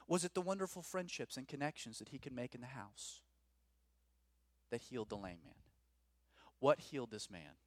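A man preaching a sermon as pastor, rising to loud emphatic peaks and dropping to quiet, low lines. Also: no room sound. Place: church.

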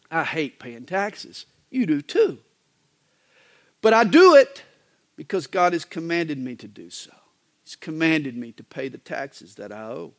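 A male pastor delivering a sermon in a folksy, joking manner, with wide swings in pitch. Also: creaky.

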